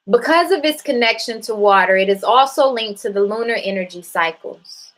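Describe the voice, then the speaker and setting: A woman's voice: on the high side, expressive, moderate pace, few pauses, poor audio. Blunt, profane woman preaching to viewers. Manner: blunt, profane, preachy, talks straight to her audience. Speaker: spiritual live-stream host. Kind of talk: casual spiritual talk to viewers.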